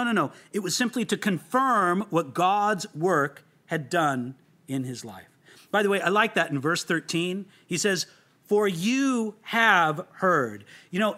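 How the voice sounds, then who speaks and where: High, bright-voiced man teaching scripture. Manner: emphatic, asks the listener rhetorical questions; stumbles and repeats words when excited. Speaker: Bible teacher. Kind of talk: verse-by-verse Bible teaching.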